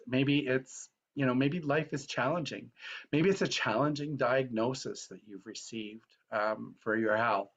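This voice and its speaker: Earnest male spiritual teacher, mid-pitched, rambling storytelling sermon, dull lo-fi audio. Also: fairly bright tone. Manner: earnest, meandering, frequent fillers.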